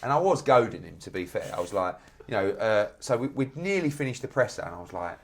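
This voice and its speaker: A middle-aged man, a boxing promoter and guest, telling lively stories with acted-out quotes in a casual podcast chat. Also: fairly low pitch, fast. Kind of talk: animated storytelling in a podcast chat.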